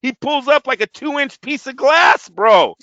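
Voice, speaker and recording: A man in his thirties telling animated stories in casual chat, swearing heavily. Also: extremely high pitch, a little slow, no echo, dull audio. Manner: animated storytelling, heavy swearing. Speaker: podcast co-host.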